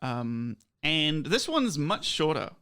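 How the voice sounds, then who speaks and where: A man's voice: a little high, sing-song, takes it slowly, pushed and bright, clear, resonant tone. A young man telling a dating story in a casual, self-deprecating way, full of fillers. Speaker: guest.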